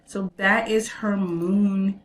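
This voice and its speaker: A woman's voice: medium pitch, steady tone, slow pace, a little hiss or hum. A woman hosting a casual reaction commentary, chatty and emphatic with slangy asides. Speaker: host reacting to a clip.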